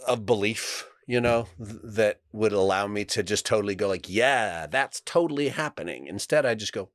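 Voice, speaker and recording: Low-voiced man, dry close sound. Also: steady tone, normal speed, no echo. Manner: reflective, frank, swears casually. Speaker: podcast regular. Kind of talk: casual chat.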